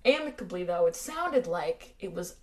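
A woman's voice: on the low side, big pitch swings, normal speed, a little mellow. Chatty American woman co-hosting a podcast. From United States. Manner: chatty, dry sarcastic asides. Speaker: podcast co-host. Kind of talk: casual true-crime chat.

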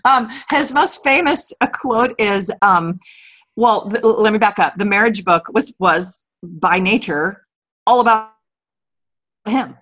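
A woman in her forties chats as a guest in an interview. She tells candid stories with plenty of energy. Her voice sits at a middle pitch, and she often stops and restarts her sentences. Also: unhurried. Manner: candid, animated storyteller with frequent restarts. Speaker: author guest. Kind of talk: casual interview chat.

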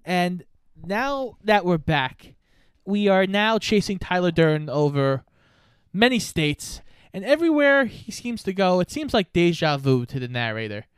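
A man's voice: high voice, very animated, unhurried, clear, resonant tone, no room sound. A young man co-hosting a casual movie podcast, recapping the plot. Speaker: podcast co-host.

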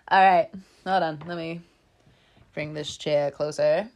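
A woman's voice: low voice, darkish tone, slight background noise. A woman hosting a casual tarot reading from a room above her garage, chatty and rambling, laughing often between asides. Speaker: tarot reader and channel host.

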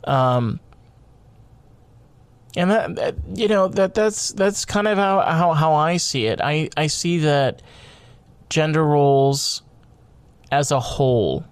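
A man's voice: takes it slowly, pauses often, smooth, no room sound. Fired-up rambling male podcast host. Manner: rambling, repeats words and restarts, swears freely; grows loud and high-pitched when worked up. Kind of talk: opinionated podcast monologue.

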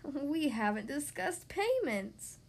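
Woman playing a wicked sea witch, slow gloating drawl, higher and strained, storybook voice. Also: sing-song, exaggerated voice. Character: scheming evil female sea witch. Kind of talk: storybook reading.

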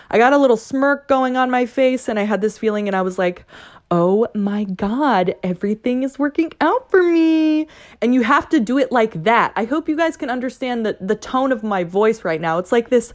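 A young adult woman hosting her own podcast, talking casually and playfully, cussing and acting out excited voices. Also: fairly high pitch. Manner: chatty, profane, playful, mimics excited voices. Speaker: podcast host. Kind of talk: casual solo podcast talk.

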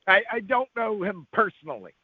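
A man speaks earnestly in comedy radio banter, stumbling and hesitating as he goes. His voice sits fairly high. It sounds dry and tinny, as if over a phone line. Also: big pitch swings, brisk, husky, no room sound.

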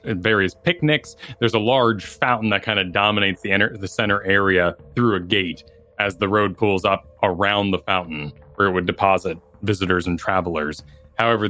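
A man narrating as game master in a tabletop game, describing scenes in a relaxed way with fillers. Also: lowish voice.

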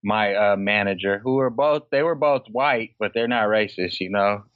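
A man from Oakland, a podcast guest, telling stories in casual chat, animated, laughing often and acting out other people's lines. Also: lowish voice, moderate pace, no room sound. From Oakland, California. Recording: dry, slightly dull lo-fi podcast audio.

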